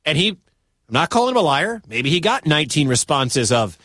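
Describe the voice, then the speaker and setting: Animated Midwestern American sports radio host. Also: male voice, a little high, brisk, dry recording, clean studio sound. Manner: animated, incredulous, conversational.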